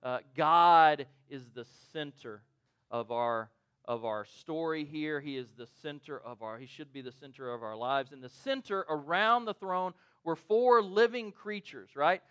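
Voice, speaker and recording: Animated, bright-voiced male preacher. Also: fairly high pitch, unhurried, smooth. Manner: conversational, animated storytelling with frequent "right?". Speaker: pastor. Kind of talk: sermon.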